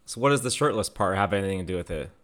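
Low-voiced man with dry questions. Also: expressive, rapid-fire, fairly bright tone. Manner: attentive listener, dry follow-up questions. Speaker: podcast co-host. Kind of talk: casual chat.

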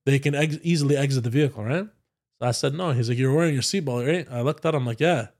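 A man, a podcast guest telling a story in a casual, animated way, swearing freely and saying "bro" a lot. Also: medium pitch, fast. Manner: animated, profane, says "bro" constantly.

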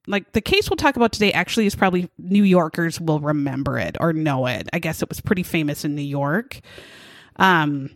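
A woman's voice: low voice, lively intonation, a little fast, no room sound, studio quality. A woman co-hosting a casual podcast, chatty and jokey with crude humor, often laughing as she talks. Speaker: podcast co-host.

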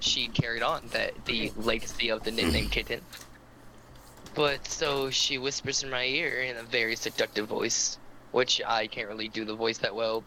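A man's voice: mid-range voice, pushed and bright, a little hiss or hum, low-quality recording. A man co-hosting a podcast, telling a long story in casual chat, rambling with lots of fillers, and stammering when he gets teased. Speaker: podcast co-host.

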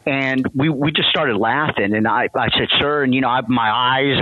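A man guest tells an emotional story in an interview, stumbling and restarting as he goes. He speaks at an average pitch. The sound is tinny, like a phone line, and dry with no room. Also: no room sound. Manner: emotional, halting, many restarts. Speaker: guest, veteran and company president.

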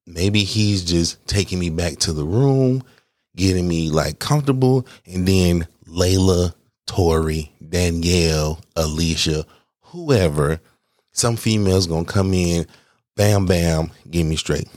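A man casually telling a personal story, slangy and animated, swearing and talking straight to his listeners. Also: low voice, slow pace, dry recording, clean studio sound. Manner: acts out quoted lines in a raised voice.

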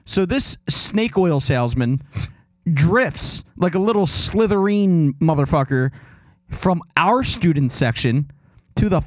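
Young philly dude rambling on a podcast, lots of um and like, pretty high voice, dry mic. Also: male voice, expressive, slow pace, no room sound. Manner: rambling, self-mocking, lots of fillers. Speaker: podcast co-host. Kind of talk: casual chat.

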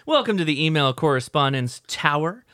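A man's voice: fairly high pitch, animated, fairly quick, sharp tone, smooth, dry recording, clean studio sound. A man hosting a casual podcast, joking around and reading listener mail aloud. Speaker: podcast host. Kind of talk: casual chat.

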